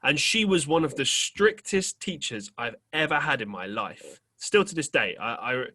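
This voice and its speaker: A man's voice: medium pitch, expressive, moderate pace, pushed and bright, a little hiss or hum. A young man hosting a podcast, telling a rambling story in casual chat, full of fillers and casual swearing. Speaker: podcast host.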